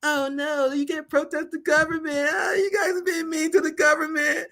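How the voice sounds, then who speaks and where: A panicking grown man wails in a shrill, sob-choked voice, begging to be kept safe. His voice shoots far above normal into cries and shouts. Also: little pitch movement, normal speed, exaggerated voice. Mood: whiny panic. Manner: shrill, sobbing, high-pitched shouting.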